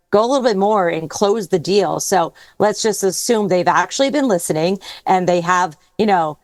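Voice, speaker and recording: A woman's voice: mid-range voice, no echo. A woman hosting a podcast interview in an upbeat, friendly way. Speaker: podcast host.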